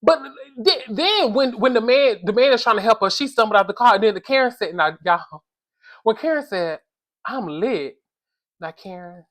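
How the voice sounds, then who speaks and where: A woman's voice: on the high side, a little fast. Exasperated woman scolding in slangy commentary. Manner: animated, exasperated, scolding, slangy, addresses viewers as y'all. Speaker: reality TV commentator. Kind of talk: casual comedic commentary to camera.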